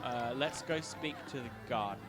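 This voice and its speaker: A man's voice: medium pitch, normal speed. A man hosting a let's play, thinking aloud and commenting casually while he plays, often laughing. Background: game music.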